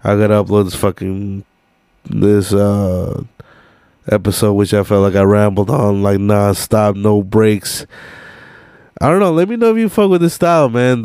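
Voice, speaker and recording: A sleepy man in his late twenties rambles through his solo podcast in relaxed, profane slang, full of fillers. His voice sits fairly low and comes across smooth and clean. The sound is dry and close to the mic. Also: no room sound. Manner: laid-back, profane street slang with many fillers. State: sleepy and tired late at night. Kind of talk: casual rambling podcast chat.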